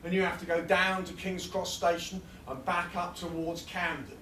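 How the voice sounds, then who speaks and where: A man performing comic spoken-word poetry live at a festival, rhythmic and building into rapid-fire lists. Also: sits high, fairly even intonation, sharp tone, slight background noise. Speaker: performance poet. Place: fringe festival venue, live audience. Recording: roomy sound from a distant mic.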